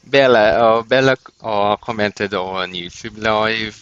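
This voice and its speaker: Bright-voiced man on a dull mic. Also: lowish voice, fairly even intonation, slow pace, clean tone. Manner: agreeable, giggly, reads chat aloud. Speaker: tournament co-commentator. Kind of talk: casual live-stream commentary.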